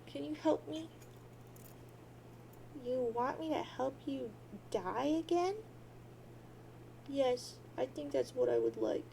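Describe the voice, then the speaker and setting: A woman's voice: high voice, very animated, gravelly, warm tone, a little hiss or hum, full character voice, rough recording. A woman voicing a grieving, lost teenage girl who sobs and wails. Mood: distraught. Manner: sobbing, wailing drawn-out boo-hoos.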